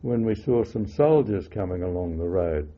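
An older man recalling wartime memories in an oral history interview, halting with many fillers and self-corrections. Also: sits low, animated, slight background noise. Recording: muffled phone-like lo-fi audio.

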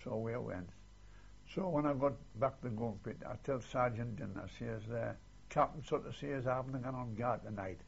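An elderly war veteran, interviewed for an oral history, recalls his service in a rambling way and tends to end lines with "see." His mid-range voice is husky with vocal fry and fairly quick, captured on a muffled old archival recording.

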